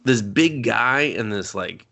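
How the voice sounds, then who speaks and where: A man co-hosting a podcast, reviewing a movie in a profane, jokey way and jumping into quick character impressions. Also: medium pitch, lively intonation, creaky, bright, forceful tone. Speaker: podcast co-host. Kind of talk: casual comedic movie review.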